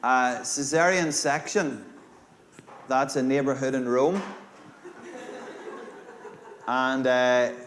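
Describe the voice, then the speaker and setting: A man's voice: mid-range voice, steady tone, takes it slowly, pauses often, a little hiss or hum. A man with an Irish Monaghan accent, a minister cracking jokes to a church congregation in a laid-back, playful way. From Ireland (Monaghan). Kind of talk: joke-filled sermon to a congregation. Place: church service, in front of a congregation.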